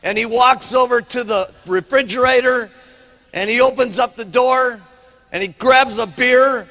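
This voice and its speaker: High-voiced emphatic man in a hall. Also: measured pace, pushed and bright. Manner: emphatic, keeps asking okay. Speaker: business trainer. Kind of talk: motivational seminar speech. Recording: long hall reverb.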